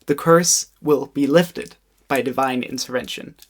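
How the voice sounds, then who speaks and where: A man's voice: mid-range voice, a little slow. A young man in his twenties narrating a casual educational video essay with joking, wry asides.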